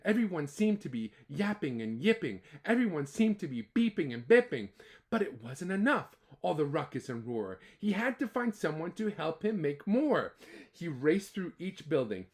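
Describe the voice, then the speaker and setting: A man reading a picture book aloud to children, animated and chatty between pages. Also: on the high side, normal speed. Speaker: storyteller.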